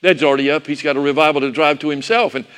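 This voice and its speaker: A man's voice: fairly high pitch, rapid-fire, fairly bright tone, smooth. A preacher telling a sermon story, reminiscing about his parents. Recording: long hall reverb.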